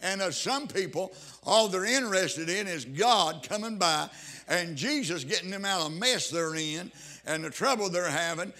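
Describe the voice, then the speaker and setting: A man preaching a sermon, with a rhythmic cadence, drawn-out emphatic phrases and shouted interjections. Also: sits high, animated.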